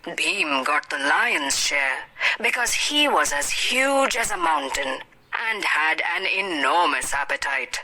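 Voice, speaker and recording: A woman teacher reading a story aloud for an English lesson, slow and expressive. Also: low-pitched, rough recording.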